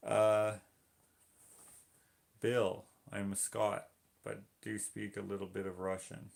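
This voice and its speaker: Gravelly low-voiced man chatting on a livestream. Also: flat delivery, slow, long pauses. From Canada. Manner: joking, teasing viewers. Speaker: livestream host painting. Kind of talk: casual livestream chat reading comments.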